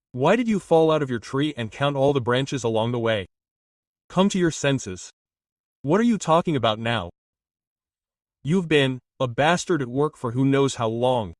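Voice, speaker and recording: A man narrating a dramatic first-person life story in an even, steady reading voice. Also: medium pitch, dry recording, studio quality, distant mic.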